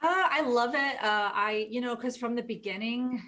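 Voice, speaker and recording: A woman's voice: on the high side, moderate pace, a bit bright. A woman from the United States, a voice actor, chatting casually in a rambling, talkative way. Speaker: game voice actor. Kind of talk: casual video chat.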